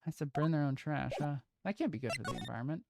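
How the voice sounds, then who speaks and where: A woman's voice: low-pitched, animated, fast talker, creaky, background noise. A woman voicing a young male lawyer in her own voice, muttering dry asides while reading game dialogue aloud. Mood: wry. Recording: game music behind.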